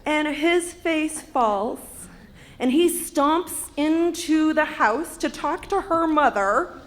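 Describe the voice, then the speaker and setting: Wisconsin-accented woman in her 50s, high voice, dry wit, live stage storyteller. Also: takes it slowly. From Wisconsin, USA. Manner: wry, humorous delivery. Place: arts center stage.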